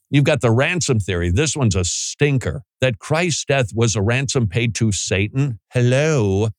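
Male preacher, mid pitch, emphatic and rhetorical, dry close sound. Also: no room sound. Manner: emphatic, rhetorical questions, acts out voices. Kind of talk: sermon.

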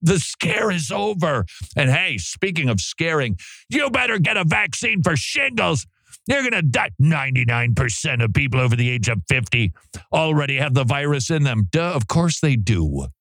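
Male radio host, lively pitch, chatty and joking, dry studio sound. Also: normal speed, dry recording. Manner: chatty and joking, laughs often. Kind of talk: casual radio monologue. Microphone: studio microphone.

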